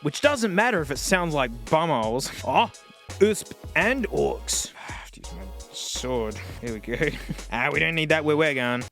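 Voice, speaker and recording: A man, reviewing old music players on camera in a casual, excitable way, laughing and talking to the device. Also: a little high, moderate pace. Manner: excitable, animated, laughs often, talks to the device. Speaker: tech YouTuber.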